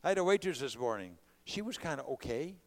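A man's voice: mid-range voice, sing-song, fast talker. A man from California preaching a sermon, mixing conversational storytelling with impassioned calls to his congregation. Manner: preaching with rising bursts of volume.

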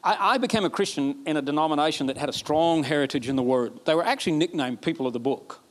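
A man from Alabama, preaching a sermon emphatically, repeating phrases and building to excited peaks. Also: a little high, fast. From Alabama, USA. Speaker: pastor.

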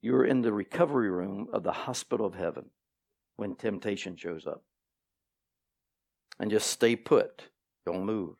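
Male pastor, low gravelly voice, animated sermon with repeated phrases and playful asides. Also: measured pace, pauses often. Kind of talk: sermon teaching. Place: church sanctuary.

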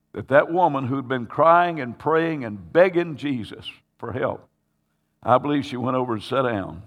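A man's voice: mid-range voice, husky. A man preaching a sermon, telling a scripture story dramatically and acting out its voices. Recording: hall reverb.

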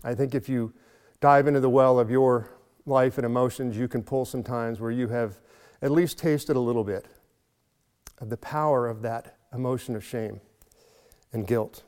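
A male pastor delivers a heartfelt sermon at an even, middle pitch. He slows down and builds volume to drive his points home, and a long hall reverb trails after each phrase. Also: smooth. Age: adult, has a son. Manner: earnest, slows and swells for emphasis.

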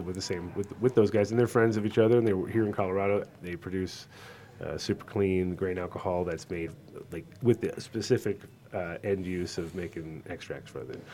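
A man's voice: sits low, darkish tone, slight background noise. A man from Rhode Island hosting a casual podcast, reading sponsors in a loose, profane, rambling way. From Rhode Island, USA. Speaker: podcast host.

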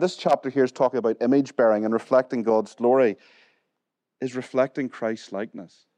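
In a church hall, a Northern Irish pastor delivers a conversational sermon, putting questions to the congregation and cracking the odd joke. His mid-range voice is a little mellow, with no echo on the recording.

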